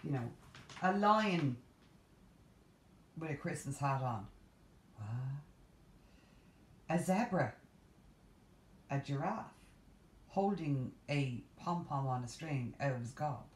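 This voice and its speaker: An Irish woman vlogging about cross-stitch, ranting in an animated, exasperated way with playful asides. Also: very deep voice, slow, pauses often, slight background noise. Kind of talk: casual chat to camera. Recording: echoey room.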